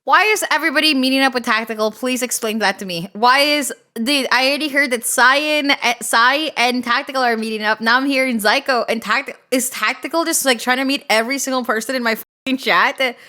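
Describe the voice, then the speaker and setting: A woman streamer chatting casually with her live chat, excitable and quick to swear and laugh. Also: high voice.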